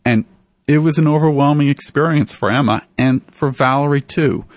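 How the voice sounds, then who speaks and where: A man, an author, telling stories in an interview in an animated way. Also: normal speed, dry recording. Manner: animated, voices the people in his stories with raised pitch. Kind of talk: storytelling in a radio interview.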